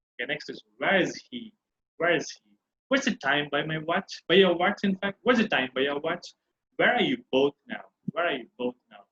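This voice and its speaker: A man's voice: a little high, fairly bright tone, dull audio. A man with a Tamil accent teaching English grammar, mixing in Tamil and repeating example questions with exaggerated rising tones. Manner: switches between English and Tamil, repeats phrases with exaggerated intonation. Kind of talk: classroom grammar lesson.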